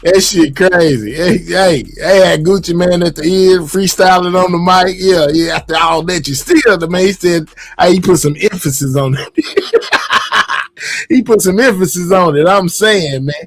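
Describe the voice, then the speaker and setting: A man's voice: high-pitched, moderate pace, no room sound. A man hosting a livestream in casual, laid-back talk full of slang. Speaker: livestream host. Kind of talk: casual chat.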